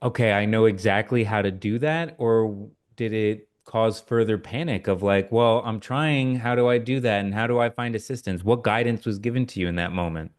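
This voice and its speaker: A man's voice: on the low side, moderate pace, hardly any pauses. A young adult man hosting a spiritual podcast, reflecting back on his guest's story and asking thoughtful, leading questions. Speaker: podcast host. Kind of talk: interview conversation.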